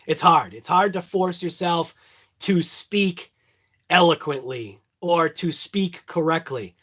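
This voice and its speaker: A man with a thick Boston accent rambling through a jokey morning check-in to his phone camera. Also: high-pitched. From Boston area. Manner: rambling, jokey, self-mocking. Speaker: vlogger. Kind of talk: casual morning check-in chat.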